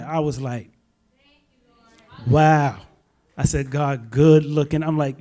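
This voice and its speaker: A man's voice: fairly high pitch, steady tone, slow pace, long pauses, mellow. A young man sharing a spoken testimony at church, in casual slangy storytelling that grows emphatic. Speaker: church member giving testimony.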